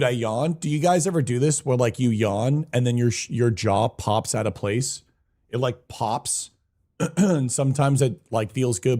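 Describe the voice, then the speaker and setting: A young man with a mellow, medium-pitched voice live-streams a game. He chats casually, greets viewers by name and swears now and then in a hyped-up way.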